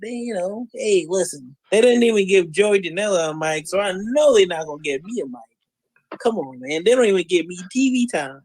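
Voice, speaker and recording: A man in casual podcast chat, rambling and joking, who breaks into loud mocking voices when he imitates fans. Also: sits high, expressive, moderate pace, no room sound, poor audio. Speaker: podcast guest.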